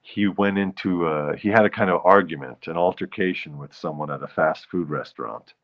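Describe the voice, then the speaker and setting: A man's voice: a little fast, dull audio. A man hosting his own show, chatting in a jokey, rambling way. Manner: jokey, rambling, breaks into falsetto bits. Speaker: show host. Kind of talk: casual solo show chat.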